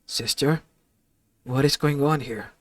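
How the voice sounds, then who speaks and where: A man voicing a gentle, confused young male titan in an improvised fan-fiction audio story, with a hesitant, stammering delivery. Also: medium pitch, slow pace, no echo.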